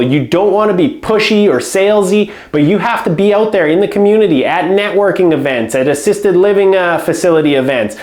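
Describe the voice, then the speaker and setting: A man with a fairly high voice gives a firm business lesson, leaning on certain words for emphasis. The sound has a roomy echo around it. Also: darkish tone. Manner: speaks up firmly, stresses words. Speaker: home care business coach. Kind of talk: instructional talk to camera.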